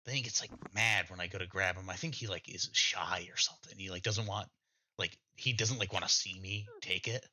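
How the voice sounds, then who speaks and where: A man plays a boastful, delusional hermit in a tabletop game, rude and full of himself. The voice is bright and sharp, and the recording has a dull, lo-fi quality. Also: low voice, a little fast, a little hiss or hum. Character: arrogant delusional male hermit Vulture.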